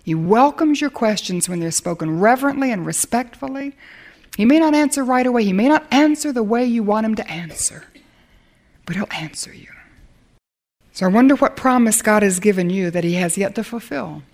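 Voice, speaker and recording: A woman teaching a sermon in an earnest, emphatic way, sometimes dropping to a hush. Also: fairly high pitch, brisk. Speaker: Bible teacher.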